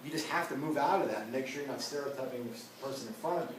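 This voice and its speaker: Far from the microphone in a very echoey lecture room, with faint hiss in the background, a male ethics instructor speaks fast in a mid-range voice. His lecture is casual, built around personal anecdotes and frequent "you know" and "right?".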